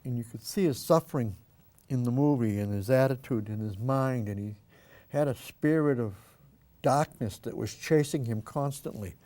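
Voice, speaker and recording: A man's voice: mid-range voice, normal speed, warm tone. An older man hosting an art show, chatting casually and telling rambling stories while he demonstrates painting.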